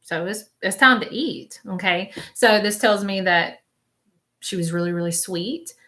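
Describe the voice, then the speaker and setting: Speaking a little slowly at medium pitch with a sharp tone, a woman acts as a spiritual medium on a live stream. Her psychic reading is chatty and reassuring: she repeats herself, delivers messages as quotes, and keeps checking in with "okay?".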